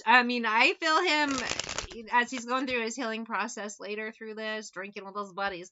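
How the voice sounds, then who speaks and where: A woman's voice: fairly high pitch, moderate pace, lo-fi sound, background noise. A woman giving a casual tarot reading, talking bluntly with plenty of swearing and sarcastic asides. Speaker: tarot reader.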